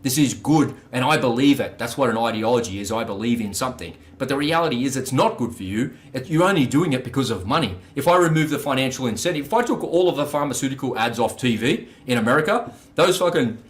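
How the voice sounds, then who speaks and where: A man in casual podcast talk, telling stories in a blunt, profane, lively way. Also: mid-range voice, fast, few pauses.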